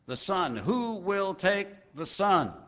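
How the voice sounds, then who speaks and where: A man's voice: sits high, big pitch swings, slow pace, a bit bright, pitched above the performer's own voice, heavily acted. A man playing an insistent auctioneer. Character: persistent male auctioneer, calm and insistent.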